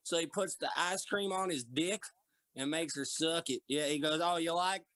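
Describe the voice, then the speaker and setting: A man's voice: on the high side, a bit bright. A young man co-hosting a podcast, rambling through crude casual banter. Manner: rambling, drawn-out "man" and "dude". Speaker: podcast co-host.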